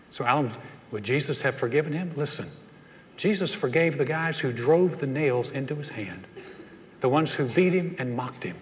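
A man's voice: medium pitch, slight background noise. A man from North Carolina preaching a sermon, telling stories in a folksy way and acting out the voices of the people in them. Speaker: pastor. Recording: long reverb of a large hall.

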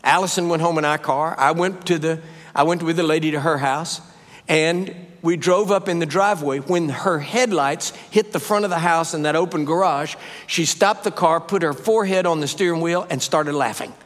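Older preacher with a high, ringing voice. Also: male voice, normal speed. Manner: animated, rising to high emphatic peaks. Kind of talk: sermon with storytelling. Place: church sanctuary. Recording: live sermon with long reverb.

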